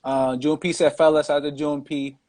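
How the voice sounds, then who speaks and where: A man's voice: on the high side, flat delivery, fairly quick, darkish tone. A man hosting a casual podcast chat, reading out viewer comments in a laid-back way. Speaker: podcast host.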